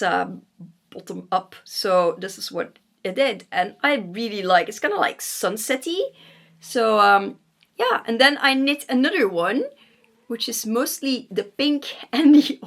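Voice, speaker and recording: Woman, bright, rambling, giggly, casual chat, fillers, home vlog, camera mic. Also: on the high side. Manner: chatty and rambling, with many fillers and self-corrections. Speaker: knitting vlogger. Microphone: vlogging camera.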